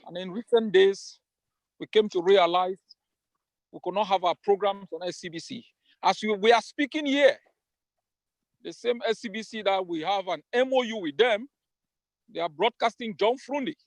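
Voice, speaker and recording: Emphatic high-voiced Cameroonian man. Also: normal speed, long pauses, no room sound. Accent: Cameroonian English. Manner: emphatic, defiant, repeats phrases for force. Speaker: political leader. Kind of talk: rallying speech on a video call town hall. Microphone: video call.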